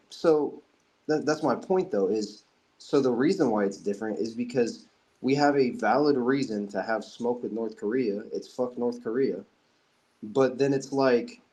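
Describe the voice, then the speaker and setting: A man's voice: mid-range voice, dark tone. A young man co-hosting a podcast in casual chat, talking loosely and profanely, laughing often and using plenty of filler. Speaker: podcast co-host.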